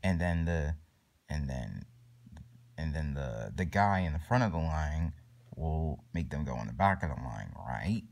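A man voicing a sly, scheming man who lays out a halting plan. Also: rumbling low, animated, gravelly, a little mellow, pitched below the performer's own voice, heavily acted. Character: scheming low-voiced man plotting.

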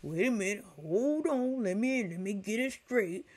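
A middle-aged woman reviewing a TV episode in a casual rant, chatty and animated as she talks straight to her viewers. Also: mid-range voice, moderate pace. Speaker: TV recap reviewer.

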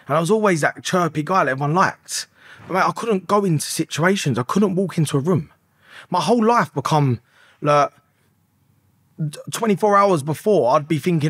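A man's voice: on the high side, fairly bright tone, breathy edge, dry recording, studio quality. A man in his thirties, a podcast guest, telling his story in an emotional, rambling way and swearing often. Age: 30s. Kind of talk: candid confessional storytelling.

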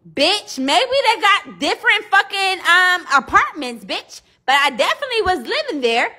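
Brash woman on a livestream, super high bright voice, cussing and calling out to y'all. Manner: brash, profane, addresses viewers as y'all. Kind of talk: casual livestream rant.

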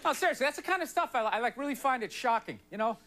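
A man's voice: extremely high pitch, animated, quick pace. A man doing a stand-up comedy set on a television studio stage, ranting in an exasperated, rambling way with lots of "you know" asides. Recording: broadcast stand-up with loud audience laughter and noise.

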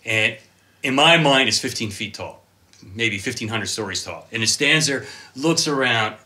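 Bright-toned guy in his 50s, excited storyteller, lots of "right?" and whoa moments. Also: medium pitch, moderate pace. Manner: excitable, dramatic storyteller with exclamations and laughs. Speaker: cameraman guest telling stories. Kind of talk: animated anecdote telling.

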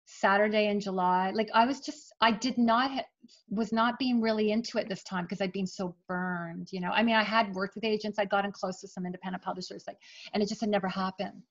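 A middle-aged woman, an author, telling the story of her writing career in a chatty, animated way during an interview. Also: medium pitch, a little fast, muffled recording. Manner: chatty, animated, emotional at times. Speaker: author guest.

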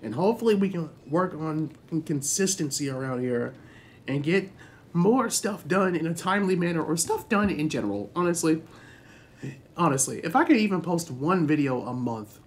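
A young man casually commenting on his own gameplay, chatty and excitable, swearing freely and reacting loudly to what happens on screen. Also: a little high, moderate pace. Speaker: gaming channel host.

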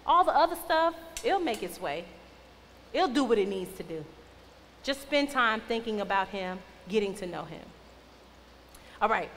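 In a church youth hall, a young woman serving as youth minister gives a relaxed sermon full of playful teasing and easy conversation. She speaks a little high with a somewhat bright tone, and long reverb and faint noise hang over the audio.

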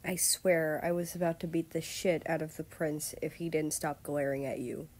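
A woman's voice: low-pitched, steady tone, moderate pace, a little mellow. A woman voicing a blunt young nobleman who speaks with a slight edge of annoyance. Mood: amused.

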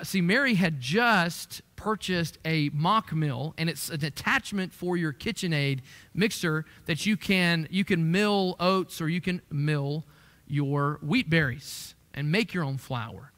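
Preaching in a conversational style, this man uses a high, sharp-toned voice and lifts it to stress quoted verses. He's in a church sanctuary whose hall makes the recording echoey.

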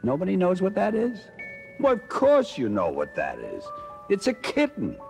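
A jolly old Santa Claus chuckles and coaxes children through a guessing game in a gravelly, slightly high voice that leaps all over its range. It sounds like an old mono children's LP, with music playing behind him. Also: male voice, wildly swooping pitch, normal speed, darkish tone, full character voice. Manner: hearty, chuckling, coaxing children. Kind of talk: 1950s children's record acting.

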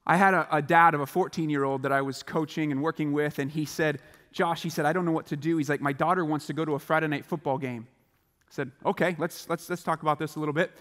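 Man, chapel speaker, high voice, bright tone, lively storytelling, long hall reverb. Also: fast. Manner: animated, acts out quoted voices. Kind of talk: motivational chapel talk to students. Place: large school chapel hall.

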